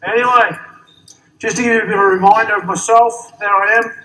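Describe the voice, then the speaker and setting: Middle-aged Aussie man, high and bright, friendly joker, stage speech heard from a distance. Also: steady tone, a little fast. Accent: Australian. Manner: jokey, friendly, with repeated words and restarts. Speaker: award-winning associate giving a stage speech. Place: stage at a large company event.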